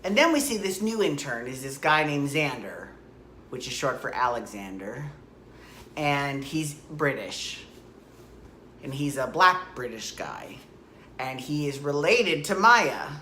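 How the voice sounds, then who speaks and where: A woman with a low voice talks through her recap in a loose, rambling way, piling up asides and rhetorical questions. The room around her is echoey, with a faint hiss underneath. She sounds like she is chatting straight to her regular viewers. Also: sing-song, unhurried, pushed and bright. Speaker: soap opera recap vlogger. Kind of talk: casual rambling recap monologue.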